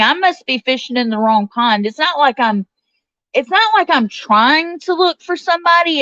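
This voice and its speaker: A woman's voice: a little high, fairly bright tone, no room sound. Woman, livestream host, casual chat with viewers, dry lo-fi sound. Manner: chatty, reads viewer comments aloud and answers them. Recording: dull, slightly lo-fi sound.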